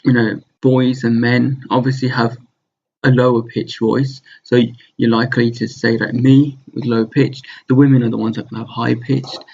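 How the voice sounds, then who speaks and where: A man teaching a recorded online language lesson over slides, relaxed and slow, with many pauses and fillers in a low, husky voice. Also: dull audio.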